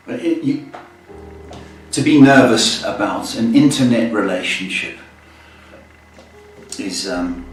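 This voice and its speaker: A man hosting a live-stream psychic reading, talking gently and often checking in with "okay?". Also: medium pitch. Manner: slow, soothing, ends phrases with "okay?". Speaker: psychic host. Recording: echoey room, mic far off, faint noise.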